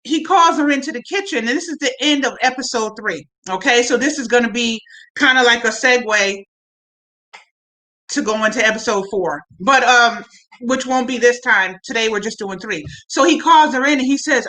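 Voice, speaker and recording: Woman, high bright voice, chatty show recap, animated asides to viewers. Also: moderate pace, poor audio. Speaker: show reviewer. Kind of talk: casual recap chat to camera.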